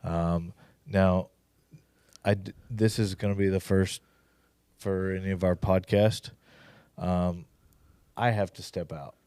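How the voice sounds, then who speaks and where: Deep, flat-voiced male podcast host. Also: smooth, no room sound. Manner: halting, lots of fillers and restarts. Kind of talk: casual podcast chat.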